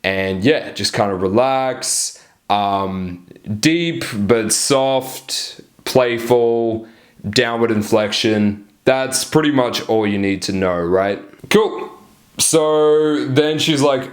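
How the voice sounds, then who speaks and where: A man talks straight to camera as a dating coach. His delivery is blunt, casual and full of profanity, and he keeps checking in with listeners. His pitch sits in a middle range. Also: slow. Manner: blunt, profane, peppers lines with "right?".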